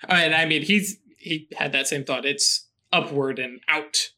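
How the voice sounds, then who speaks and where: A man narrating as game master in a relaxed, rambling way. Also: fairly high pitch, measured pace. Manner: relaxed, rambling, full of fillers.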